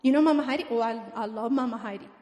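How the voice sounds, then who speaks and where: A woman putting on the voice of a cheerful, excitable pastor who asks eager repeated questions. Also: very high-pitched, rapid-fire, highs cut off. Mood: excited. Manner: bubbly, repeats "ooh" questions. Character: cheerful excitable man, small-town pastor. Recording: long reverb in a large hall.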